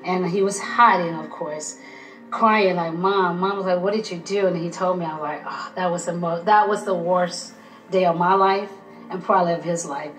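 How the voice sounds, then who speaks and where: Woman w/ lowish voice tellin it earnest, echoey room, faint music behind. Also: fairly even intonation, normal speed. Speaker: interviewee, speaker's mother. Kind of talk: documentary interview.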